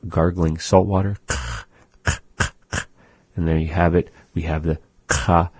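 A man's voice: low voice, dark tone, slightly rough, dry recording. A man teaching a language lesson on a show, patiently demonstrating sounds aloud.

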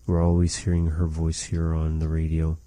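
A man's voice: a bass voice, completely flat delivery, warm tone, no room sound. A man teaching phrases of a language in a patient, repetitive lesson. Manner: slow, patient, repeats phrases for practice.

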